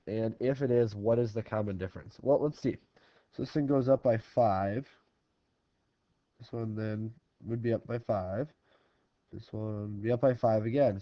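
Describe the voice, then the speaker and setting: A man's voice: medium pitch, no echo. Casual male math teacher, dry lo-fi sound. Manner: casual, talks through problems step by step. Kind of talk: recorded classroom lesson. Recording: dry, slightly dull lo-fi recording.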